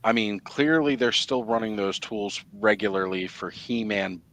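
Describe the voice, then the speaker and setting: A man hosting a live stream, chatting casually and explaining at length in a relaxed, rambling way. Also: lowish voice, normal speed. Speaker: livestream host. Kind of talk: casual chat.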